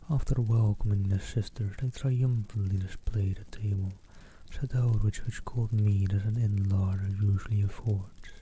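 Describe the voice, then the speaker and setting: A man reading a classic novel aloud in a soft, hushed voice, often dropping to a whisper. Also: lowish voice, steady tone, moderate pace, few pauses, slight background noise, low-quality recording. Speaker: narrator. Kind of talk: audiobook reading, partly whispered.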